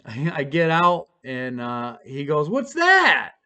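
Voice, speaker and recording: A man casually telling a personal story to camera, rambling and self-deprecating with halting restarts. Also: medium pitch, a bit bright, smooth.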